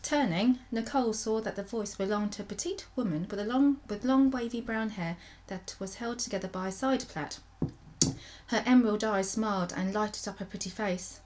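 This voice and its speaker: A woman's voice: medium pitch, normal speed, a little mellow, slight background noise. A woman co-hosting a podcast, reading a story aloud and often breaking into giggles. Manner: giggly, reads with frequent laughter. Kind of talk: casual chat and reading aloud.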